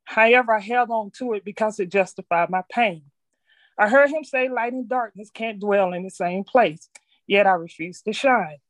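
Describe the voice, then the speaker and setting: A middle-aged woman reading a personal reflection aloud to a group, earnest and measured, stumbling now and then. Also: mid-range voice, dry recording. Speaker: speaker sharing her story.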